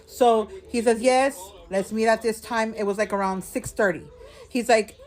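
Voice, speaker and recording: Speaking at a moderate pace in a fairly high voice, a slightly tipsy woman chats with her viewers from a hotel room. It's a casual storytime vlog where she vents and addresses them as girl and y'all.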